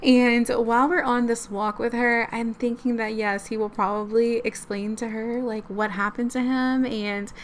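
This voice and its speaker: A woman's voice: fairly high pitch, flat delivery, normal speed, few pauses, slight background noise. A young woman narrating a life-sim let's-play, chatty and storytelling, often laughing. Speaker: game streamer.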